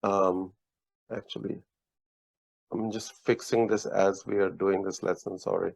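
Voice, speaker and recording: Slow, patient man teaching a lesson. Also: low voice, level tone, gravelly, a little mellow, no echo. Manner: patient, slow explaining with frequent restarts and praise. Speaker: Urdu teacher. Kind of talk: casual one-on-one language lesson. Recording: dull, lo-fi, dry audio.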